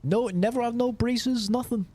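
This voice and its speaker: A man's voice: very high voice, normal speed, warm tone, a little hiss or hum. A man in his twenties chatting casually on a live stream, boastful and profane in his banter.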